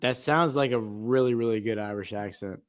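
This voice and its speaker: A man's voice: medium pitch, moderate pace, smooth. A man co-hosting a show, a little tipsy, chatting casually in a hesitant, stammering way. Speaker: show co-host. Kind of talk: casual chat.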